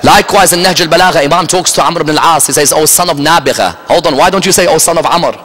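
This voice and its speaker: A man preaches in a bright, forceful voice that sits a little high for a man. He is emphatic and keeps tossing rhetorical questions at his listeners. The sound rings with the long reverb of a large hall. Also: fast. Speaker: religious lecturer. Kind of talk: Muharram majlis sermon. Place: large religious center hall. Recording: echoey hall.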